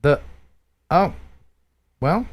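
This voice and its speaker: A man from the USA hosts a casual live stream, chatting and joking as he goes. His voice sits fairly high. He often restarts his sentences mid-thought. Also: animated, drawn-out words. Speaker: live stream show host.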